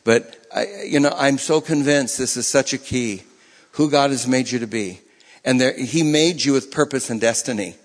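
A man delivers a sermon in a loose, conversational way, circling back and restarting his phrases as he builds a point. His voice sits at an ordinary middle pitch. The sound carries the long reverb of a large hall. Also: moderate pace. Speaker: pastor.

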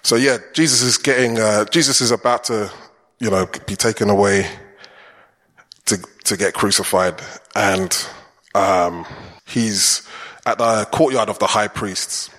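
A male preacher giving a relaxed, chatty sermon and often turning to the congregation with questions. His voice sits on the low side. A long church-hall reverb trails each phrase. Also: a little slow. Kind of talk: conversational sermon.

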